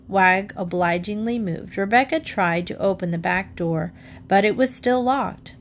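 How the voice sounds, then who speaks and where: A woman reads a children's book aloud in a lively storytelling voice. Her pitch sits in the middle range. A faint hiss runs under the recording. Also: a little slow. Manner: lively storytelling, raises pitch for the girl's lines. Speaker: reader.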